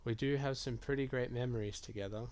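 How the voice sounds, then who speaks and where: A man streaming a game, reading typed chat messages and reply choices aloud in a low-key, musing way. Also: steady tone, fast. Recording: clear keyboard typing behind voice.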